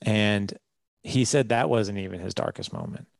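Gravelly, low-voiced man, earnest and reflective. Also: huge pitch swings, normal speed, dry recording, studio quality. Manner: earnest, reflective, often repeats words. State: a little emotional. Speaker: podcast guest. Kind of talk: faith-based podcast conversation.

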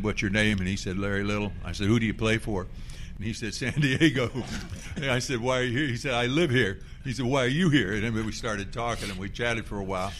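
An older man, a former football player, telling animated anecdotes in a panel interview and laughing through his lines. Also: fairly low pitch, a little hiss or hum. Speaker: former fullback, guest.

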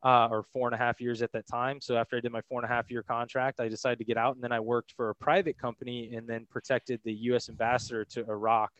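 A man's voice: medium pitch, level tone, fast talker, few pauses, a bit bright, no room sound, muffled recording. A man from the United States, a podcast guest, frankly and casually telling his own story in conversation. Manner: casual, frank, loose with fillers.

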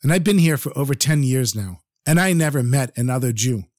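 A man's voice: mid-range voice, animated, fairly quick, darkish tone, no echo, studio quality, close to an everyday voice. A man voicing a lonely middle-aged male Holocaust survivor, speaking with emotion and pleading. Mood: bitter.

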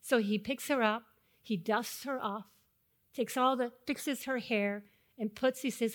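A middle-aged woman preaching a sermon, telling personal stories to the congregation and swelling louder on key phrases. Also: on the high side, fairly even intonation, a little slow. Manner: personal storytelling addressed to a congregation.

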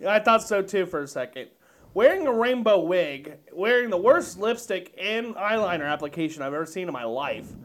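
A man's voice: sits high, animated, moderate pace, fairly bright tone. A man co-hosting a casual podcast, reacting to clips with crude jokes and frequent laughter. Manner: crude, joking, laughs often. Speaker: podcast co-host.

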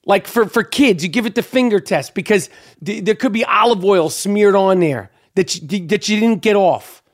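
A man's voice: high-pitched, normal speed. A man hosting his own podcast in a brash, profane, rambling solo monologue, hyped up and talking freely. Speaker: podcast host.

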